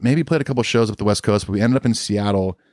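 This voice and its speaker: A middle-aged man tells a road story in a loose, rambling way, leaning on fillers as he goes. His voice sits low, and the dry, close recording has almost no room sound. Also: fast, a little mellow, dry recording. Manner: rambling, filler-heavy, laid-back storyteller. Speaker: musician guest. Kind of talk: casual storytelling interview.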